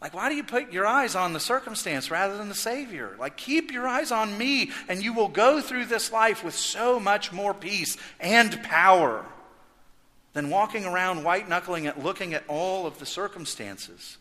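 A man preaching a sermon as pastor, swinging from loud emphasis to hushed intensity. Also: high-pitched, lively intonation, moderate pace. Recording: echoey hall reverb.

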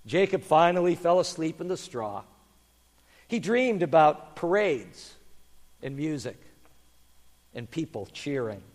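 A man pastor telling a children's sermon story in an animated way, then praying quietly. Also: a little high, slow, pauses often. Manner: animated storyteller, hushed in prayer. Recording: long hall reverb.

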